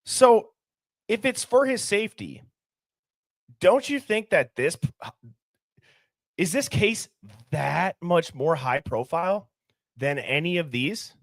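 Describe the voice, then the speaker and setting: A man's voice: high voice, expressive, slow, pauses often, no echo, clean studio sound. A young man hosting a livestream, talking casually and animatedly, firing off rhetorical questions. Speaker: livestream host.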